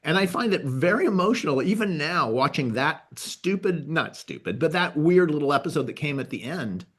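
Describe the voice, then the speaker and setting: A man's voice: on the high side, big pitch swings, moderate pace, a bit bright, breathy edge. Rambling man reminiscing casually. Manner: rambling, with many restarts and fillers. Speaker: guest, TV writer and producer.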